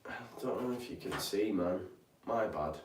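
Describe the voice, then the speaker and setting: A man's voice: fairly low pitch, lively intonation, moderate pace, far from the mic, a little hiss or hum. A young man hosts a live football watch-along, chatting casually, reading viewer comments, and sounding tired. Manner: chatty, reads out viewer comments, frequent ums and apologies. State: tired, yawning. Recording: roomy echo, speaker off-mic.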